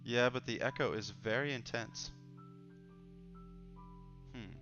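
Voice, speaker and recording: Speaking slowly in a medium-pitched voice, a man hosts a casual livestream with an easygoing, joking manner and reads the chat aloud. Faint music plays beneath the dull lo-fi stream audio.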